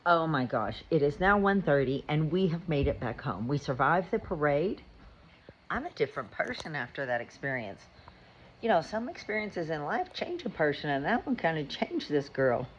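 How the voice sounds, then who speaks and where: A woman's voice: low-pitched, big pitch swings, moderate pace, dull audio, slight background noise. A woman, a mother, telling a rambling, chatty story about her day in a casual vlog. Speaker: mother and vlogger. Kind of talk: casual chat.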